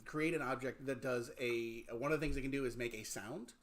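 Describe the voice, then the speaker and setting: A man's voice: medium pitch, fairly quick. A man playing a tabletop role-playing game, eagerly explaining the rules of the game. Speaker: player. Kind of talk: casual tabletop play.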